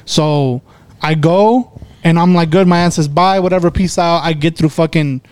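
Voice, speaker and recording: A young man casually telling a story to friends, swearing freely and getting animated. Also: on the high side, moderate pace, smooth, no room sound.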